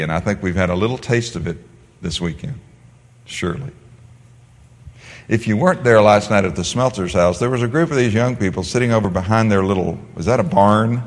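A man teaching a Bible class, animated, asking the class questions and answering them himself. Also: on the low side. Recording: long hall reverb.

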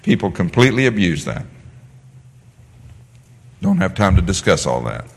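A man teaching a Bible class in a lively, sing-song voice that climbs and dips. He keeps firing questions at the class and answering them himself. His voice rings through a large hall with a long echo. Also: low voice, moderate pace, slight background noise.

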